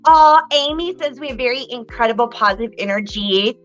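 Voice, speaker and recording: A woman's voice: on the high side, fairly quick, lo-fi sound, soft background music. A woman co-hosting a live card-reading stream, chatting in a bubbly, theatrical way and laughing often. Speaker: live psychic card reader and co-host. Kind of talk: casual live-stream chat.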